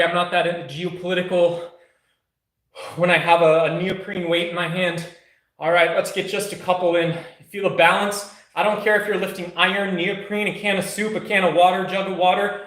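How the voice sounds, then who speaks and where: A man's voice: high-pitched, level tone, brisk, a bit bright, echoey room. A man streaming a casual live workout, mixing hyped, joking, profane chatter with soothing exercise cues. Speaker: fitness streamer.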